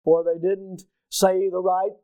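A man's voice: sits high, level tone, measured pace, dark tone, clear, resonant tone, dry recording, poor audio. Older man preaching an emphatic sermon. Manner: preaching, rising to emphatic peaks and asking the congregation questions. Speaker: pastor.

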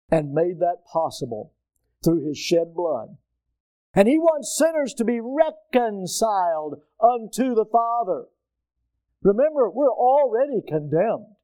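An older man, a pastor, preaching a sermon to his congregation, putting questions to them and building to loud, emphatic peaks. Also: sits high, dry recording, low-quality recording.

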